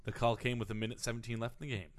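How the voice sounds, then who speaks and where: A man's voice: medium pitch, little pitch movement, rapid-fire. A man co-hosting a casual chat podcast, reading facts aloud with jokey asides. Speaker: podcast co-host reading a biography.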